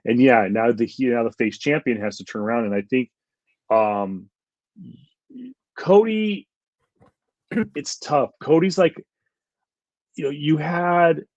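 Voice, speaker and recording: Podcast co-host, man, low voice, rambling opinions, dull lo-fi dry recording. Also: a little mellow, dry recording. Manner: rambling, heated wrestling opinions with frequent fillers. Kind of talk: casual chat.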